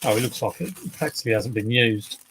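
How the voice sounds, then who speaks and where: A man talks through his latest finds in a loose live-stream chat. His voice has a gravelly, creaky edge at a middling pitch. He rambles, wanders off topic and pokes fun at himself. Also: quick pace, noisy background. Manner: chatty, rambling, self-deprecating.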